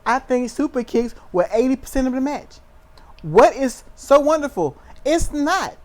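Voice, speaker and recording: A woman's voice: sits high, lively intonation, moderate pace, a little mellow. A woman co-hosting a casual wrestling recap, blunt and wry, who makes fun of the wrestlers and their moves. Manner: wry, blunt, mocking wrestlers in put-on voices. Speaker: podcast co-host.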